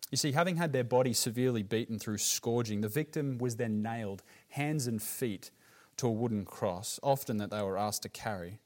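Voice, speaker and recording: Earnest Australian pastor preaching. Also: male voice. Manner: earnest, emphatic, drops low on grave words. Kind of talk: sermon.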